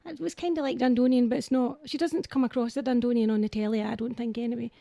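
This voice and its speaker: Chatty Scottish woman, mellow higher voice. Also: fairly even intonation, quick pace, vocal fry, dry recording, studio quality. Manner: chatty, laughs often, self-mocking. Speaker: singer and entertainer, guest. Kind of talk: casual radio interview.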